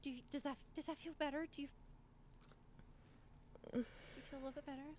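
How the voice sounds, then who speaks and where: High-voiced anxious woman healer roleplaying. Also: steady tone, fast talker, a little mellow, slight background noise. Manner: anxious, apologetic, stammering. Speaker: roleplay streamer playing a healer. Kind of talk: improvised in-character roleplay.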